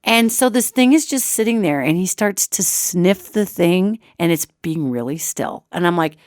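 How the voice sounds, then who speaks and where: A woman host telling an animated story in a casual, expressive way, acting out quotes. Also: on the low side, moderate pace, no echo, clean studio sound. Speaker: radio show host.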